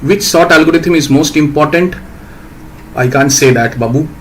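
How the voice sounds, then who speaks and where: A man's voice: fairly high pitch, moderate pace, poor audio. Man, programming teacher, live lecture, patient explanations, faint background hum. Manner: explains patiently, reads out questions, asks "right?". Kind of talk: live-streamed lecture answering viewer questions.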